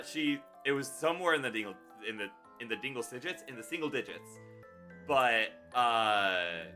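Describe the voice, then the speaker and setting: A man's voice: medium pitch, bright, forceful tone. A man hosting a casual livestream chat, rambling and giggly and often correcting himself. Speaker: streamer host.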